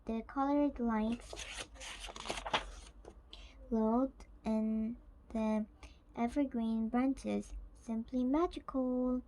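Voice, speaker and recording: A woman reading a children's picture book aloud in a slow, careful, gentle way. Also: on the high side, steady tone, a little hiss or hum, poor audio. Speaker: storyteller.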